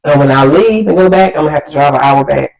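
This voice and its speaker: A woman vlogger telling a story in an animated, exasperated way. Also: deep voice, fast talker, vocal fry, rough recording. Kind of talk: storytime vlog.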